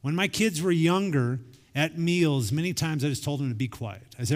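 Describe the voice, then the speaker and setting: Higher-voiced man preaching in a reverberant hall. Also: normal speed. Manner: conversational, acts out quoted dialogue. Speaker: pastor. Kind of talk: sermon. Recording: long reverb of a large hall.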